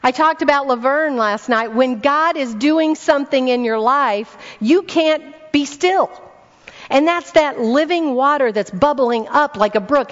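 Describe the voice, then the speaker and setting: A woman preaching a sermon to a congregation, telling stories, asking the room rhetorical questions and repeating words for emphasis. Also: high-pitched. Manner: storytelling with rhetorical questions to the audience. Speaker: speaker at a church weekend event. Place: church hall before a congregation. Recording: dull recording in a reverberant hall.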